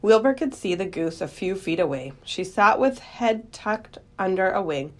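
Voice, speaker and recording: Woman reading a children's story gently. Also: medium pitch, normal speed. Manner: gentle, expressive. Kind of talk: reading a children's book aloud.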